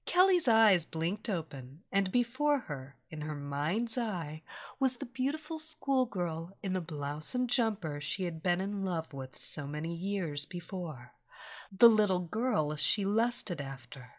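A woman reads a scripted story slowly and softly. Her pitch moves widely and she draws out her phrases. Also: sing-song. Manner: slow, soft, drawn-out reading. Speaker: story narrator. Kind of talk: scripted narration.

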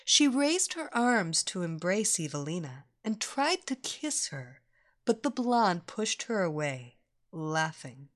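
Woman narrator, slow-paced, lively pitch, soft storybook reading. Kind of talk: scripted narration.

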